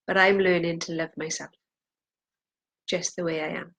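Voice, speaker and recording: A woman's voice: sits low, little pitch movement, normal speed, creaky, pauses often, fairly bright tone. A woman leading a guided tapping session, saying phrases for the viewer to repeat and pressing harder on the angry lines. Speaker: EFT tapping practitioner.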